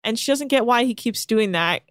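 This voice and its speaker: A woman's voice: on the high side, moderate pace, no room sound, clean studio sound. A young woman co-hosting a casual podcast, animatedly retelling a reality show and acting out the people in it. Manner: animated storytelling with quoted voices. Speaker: podcast co-host recapping a show. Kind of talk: casual chat.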